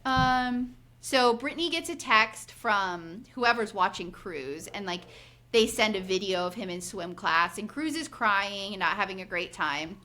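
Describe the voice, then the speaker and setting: A woman's voice: mid-range voice, animated, a little slow, pushed and bright. A woman in her forties co-hosting a podcast, chatting casually and animatedly, acting out quotes with lots of "like" fillers. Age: 40s. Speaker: podcast co-host. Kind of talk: casual recap chat.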